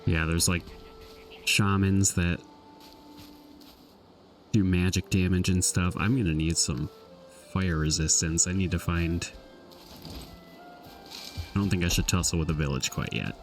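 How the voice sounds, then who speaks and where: A man giving casual, relaxed commentary on his own gameplay, thinking aloud and trailing off mid-thought. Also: sits low, unhurried, long pauses, recorded from a distance, faint music behind. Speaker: gameplay streamer.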